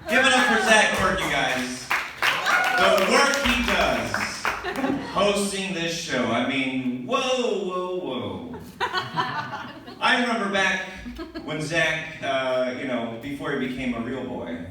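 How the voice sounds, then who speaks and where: A young man performing a stand-up comedy set on a comedy club stage, animated and shouting his punchlines in mock panic. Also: on the high side, takes it slowly, slight background noise. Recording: echoey club from far off, crowd laughter. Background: audience laughing and cheering.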